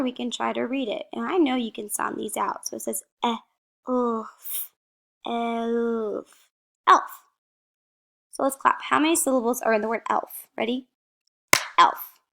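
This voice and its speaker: A woman teacher giving a slow, encouraging phonics lesson to young children, saying each word out clearly, asking a question and then giving the answer. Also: on the high side, fairly bright tone.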